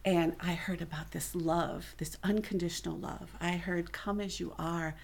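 A woman's voice: lowish voice, fairly even intonation, moderate pace, gravelly, a little hiss or hum. Earnest middle-aged woman giving church testimony. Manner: earnest, conversational storytelling that acts out quoted voices. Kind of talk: personal testimony told to a congregation.

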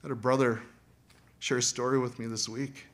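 A man preaching a sermon as pastor, animated and acting out quoted voices. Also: medium pitch, brisk.

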